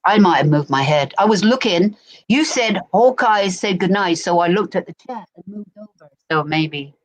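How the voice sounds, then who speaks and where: Her voice sits on the low side, lively in intonation and at normal speed. A middle-aged English woman with a Berkshire accent, she chats casually on a stream, frequently adding "do you know what I mean," and the desk-mic audio is poor.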